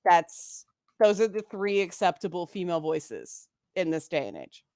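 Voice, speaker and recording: Brief: middle-aged woman, livestream co-host, animated, dry close sound. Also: fairly low pitch, normal speed, dry recording. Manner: animated, acts out voice examples. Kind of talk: casual livestream chat.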